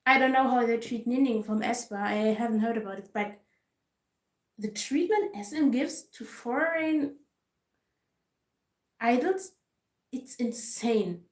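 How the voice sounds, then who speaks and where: A woman's voice: fairly high pitch, measured pace, pauses often. A woman vlogger giving casual ranting commentary, frustrated and emphatic, repeating herself for stress. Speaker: K-pop vlogger. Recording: roomy echo.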